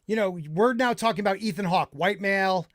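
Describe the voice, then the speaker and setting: Guy with a pretty high voice hosting a podcast, swears a lot, sounds fed up, dry close sound. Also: brisk, a bit bright, dry recording. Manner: profane, exasperated ranting. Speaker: podcast host. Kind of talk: casual chat.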